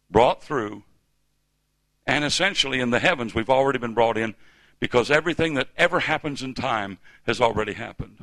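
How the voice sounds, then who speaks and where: A man's voice: medium pitch, fairly bright tone, no room sound. A man in his fifties from the United States preaching a sermon in a church, with emphatic call-and-response delivery. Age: 50s.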